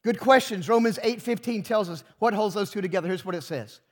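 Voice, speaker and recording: A man's voice: high voice, a little fast. A pastor preaching a sermon to his congregation, emphatic and full of rhetorical questions.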